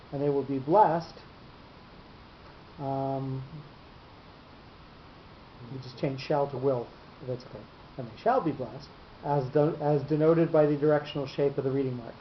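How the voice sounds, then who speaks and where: A Torah teacher with a somewhat high voice explains cantillation marks to a class, speaking haltingly with many pauses, fillers and repeated words. The room echoes, and the audio is muffled beneath a faint hiss.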